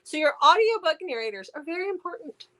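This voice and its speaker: A woman's voice: extremely high pitch, big pitch swings, fast talker, a bit bright. A woman co-hosting a book review show, chatting casually and animatedly with lots of fillers. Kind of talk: casual chat.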